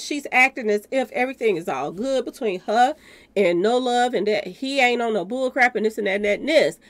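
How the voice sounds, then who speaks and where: Animated woman hosting a gossip channel. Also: a little high. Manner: talks straight to viewers, calling them y'all. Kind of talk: commentary on a news clip.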